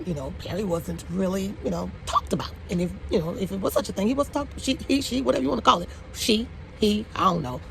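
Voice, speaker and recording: A woman's voice: mid-range voice, gravelly, a little hiss or hum, rough recording. A woman in her forties, a hairstylist, telling a personal story conversationally with lots of fillers and emotional bursts. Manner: conversational, frequent "you know" fillers, emotional outbursts.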